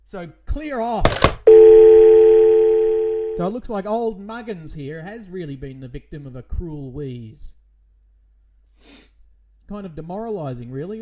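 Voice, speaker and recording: A man's voice: high-pitched, warm tone. A man hosting a comedic radio show in a frantic, theatrical, indignant way. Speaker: radio host.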